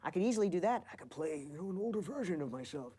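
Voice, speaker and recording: A man talks quickly in a documentary interview. He pokes fun at himself as he explains his work. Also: high voice, sing-song, dark tone, breathy edge. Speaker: voice actor.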